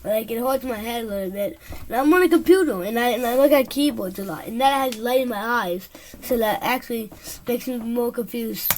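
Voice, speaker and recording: A woman reacting to a video in casual commentary, rambling and excitable with loud outbursts. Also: a little high, moderate pace.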